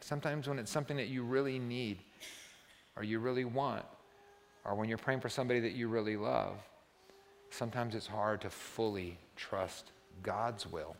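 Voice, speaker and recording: Speaking from a church sanctuary, this pastor in his sixties delivers a sermon in a chatty style, frequently asking "right?" as he rises to emphatic high points. His pitch is medium, the long reverb of the hall is audible, and there's a little hiss or hum.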